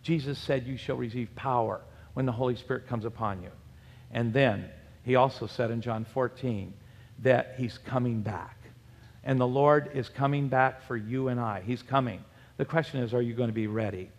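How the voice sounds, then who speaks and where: A man's voice: mid-range voice, normal speed. A male pastor preaching a sermon in a church, asking the congregation rhetorical questions and citing scripture. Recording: long hall reverb.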